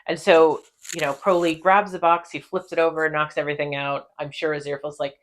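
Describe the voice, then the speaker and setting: Female podcast host, low pitch, chatty and profane recap. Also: brisk, slight background noise. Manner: animated, profane, laughs often. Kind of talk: casual recap chat.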